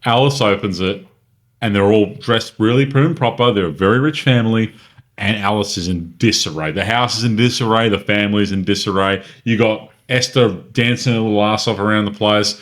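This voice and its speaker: A man with a fairly low voice talks in a casual podcast. He grabs the floor and recaps with animated, punchy energy. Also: fairly quick. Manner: animated, takes over the story. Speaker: podcast co-host. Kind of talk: casual chat, recapping a film.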